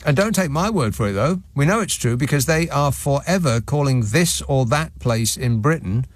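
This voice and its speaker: A man's voice: medium pitch, expressive, moderate pace, no echo. A man hosting a radio phone-in show, reading out listener messages with a sardonic, mocking manner in a studio. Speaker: radio talk show host. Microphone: studio microphone.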